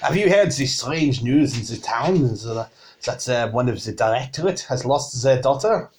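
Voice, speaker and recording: A man's voice: medium pitch, expressive, very fast, natural voice. A man voicing a snooty male tavern keeper, with a broad, wobbly fake foreign accent and a haughty, formal manner. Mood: gossipy.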